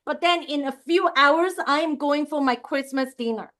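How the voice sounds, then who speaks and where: A woman with a high voice hosts an interview. She asks questions casually and curiously and often laughs. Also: normal speed, fairly bright tone. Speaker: host.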